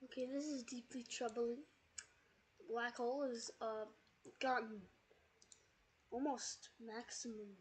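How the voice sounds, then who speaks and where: A woman's voice: a little high, fairly even intonation, measured pace, long pauses. A woman streamer in a put-on British accent, casually rambling as she explains a physics sandbox game while playing. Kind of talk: casual gameplay commentary.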